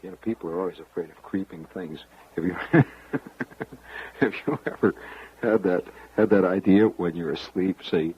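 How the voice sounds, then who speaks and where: A man's voice: low-pitched, unhurried, breathy edge, highs cut off. A man hosting a radio show, spinning a rambling, wry monologue straight to the listener. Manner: rambling storyteller, confiding, wry. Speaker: radio host.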